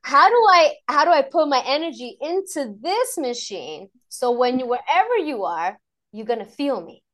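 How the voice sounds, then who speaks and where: A woman's voice: high voice, very animated, moderate pace, fairly bright tone. A woman guest on a podcast, talking reflectively and emotionally about teaching mindfulness to children, laughing often. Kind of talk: conversational interview.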